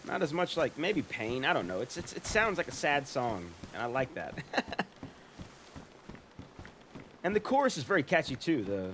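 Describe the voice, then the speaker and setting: A man live-streams a game and rambles along in relaxed, profane chat. His voice sits at an ordinary middle pitch, with a faint hiss underneath. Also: moderate pace, pauses often. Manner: rambling, swearing, laughing.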